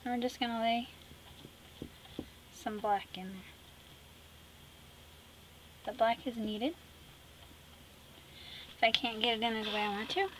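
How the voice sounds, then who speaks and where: A middle-aged woman hosting an art tutorial, chatty and teasing, narrating as she paints and dropping into soft whispered asides. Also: on the high side, a little hiss or hum, poor audio.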